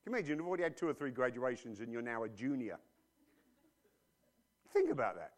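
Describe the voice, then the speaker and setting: Animated, emphatic man preaching a sermon. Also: medium pitch, quick pace. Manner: emphatic, with many rhetorical questions to the audience; informal and blunt, with slang.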